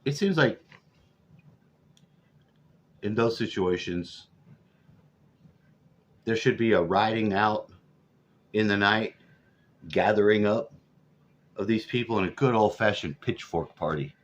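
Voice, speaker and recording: Brief: man over forty, lowish voice, rambling profane vlog rant, muffled lo-fi recording. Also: slow pace, pauses often. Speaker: vlogger. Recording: dull lo-fi audio.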